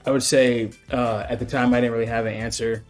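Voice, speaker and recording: A man co-hosting a radio show, talking in a relaxed way and thinking aloud with many fillers. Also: medium pitch, fairly quick, soft background music. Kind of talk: casual radio show chat.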